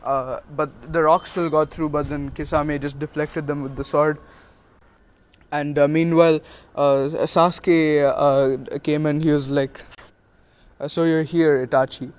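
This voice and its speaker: A man casually retelling a story with many halting fillers. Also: fairly high pitch, little pitch movement, clear, resonant tone.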